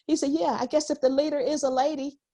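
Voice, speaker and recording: A high-pitched woman talks in an animated, emphatic way as a guest in an interview. She projects her voice firmly and acts out quoted remarks. She laughs easily between points. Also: quick pace. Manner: projects voice with authority. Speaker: guest author. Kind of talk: interview conversation.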